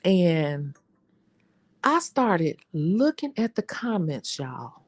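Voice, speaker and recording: A young adult woman with a Chicago accent, a nail technician chatting to her viewers in an animated, talkative way. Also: on the low side, measured pace. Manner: chatty, animated storytelling, says y'all. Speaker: nail technician and channel host. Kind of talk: casual chat to viewers.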